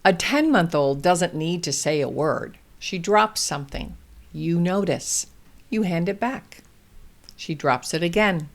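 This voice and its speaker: Slow, deliberate woman parenting host. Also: fairly low pitch. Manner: calm, deliberate and coaching. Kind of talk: instructional parenting talk.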